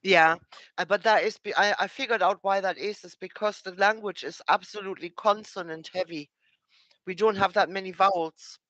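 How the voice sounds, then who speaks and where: A man's voice: high-pitched, fairly even intonation, moderate pace, sharp tone, no echo, highs cut off. A middle-aged man with a German accent, chatting as a guest on a live call, thoughtfully explaining words with examples. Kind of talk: casual livestream chat.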